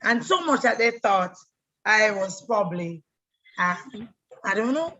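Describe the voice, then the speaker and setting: A middle-aged actress, telling her life story in an animated way, often repeating words as she goes. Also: medium pitch, a little slow, breathy edge, rough recording. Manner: animated, repeats words, breaks into voices and laughter. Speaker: stage actress. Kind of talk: personal storytelling monologue.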